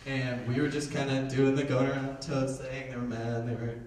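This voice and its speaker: A young adult stand-up comedian performs a set in a small, echoey theater, recorded from a distance amid heavy background noise and loud audience laughter. Speaking at medium pitch and normal speed, he tells deadpan stories and acts out the voices in his anecdotes.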